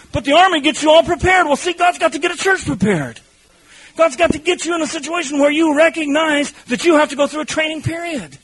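A man preaching a sermon, telling animated stories with shouted bursts and laughter, his voice husky. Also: extremely high pitch, low-quality recording.

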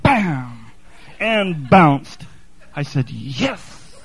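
A man's voice: high voice, fairly quick, poor audio. A man preaching a sermon, impassioned and building to fervent repetition.

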